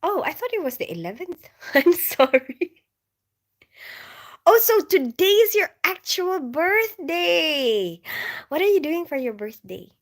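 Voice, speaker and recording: A woman's voice: sits high, big pitch swings, slow pace. A woman in her forties with a Filipino accent, chatting on a casual livestream, telling stories and answering viewers. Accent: Filipino English. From Philippines. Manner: chatty storyteller, giggles often, reads chat comments. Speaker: livestream host.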